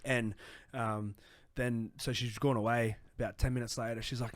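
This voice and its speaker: Soft-spoken young man. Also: mid-range voice, level tone, moderate pace, dry recording. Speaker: podcast co-host. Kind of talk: casual chat. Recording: dry studio.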